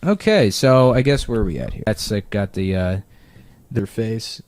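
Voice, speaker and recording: A man's voice: lowish voice, lively intonation, normal speed, darkish tone, no echo. A man co-hosting a comedy podcast, chatting in a rambling, profane way. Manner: rambling, profane, drops into silly voices. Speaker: podcast co-host. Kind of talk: casual podcast banter.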